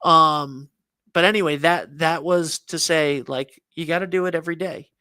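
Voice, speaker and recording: Male morning co-host, rambling talker, a touch high-pitched, dry close sound. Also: fairly even intonation, normal speed, pushed and bright, clear, resonant tone, no echo. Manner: rambling storyteller, many restarts and fillers. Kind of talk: casual morning show chat.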